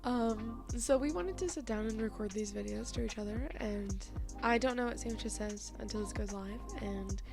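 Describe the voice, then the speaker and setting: Teary woman with a gravelly voice. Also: on the high side, moderate pace, over music. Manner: emotional, laughing through tears, casual swearing. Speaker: co-host. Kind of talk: heartfelt message to a friend.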